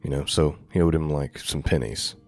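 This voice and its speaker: Deep-voiced man preaching. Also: fairly even intonation, moderate pace, a little mellow, faint music behind. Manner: reads scripture aloud with rising emphasis, then explains in plain asides. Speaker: pastor. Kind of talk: sermon.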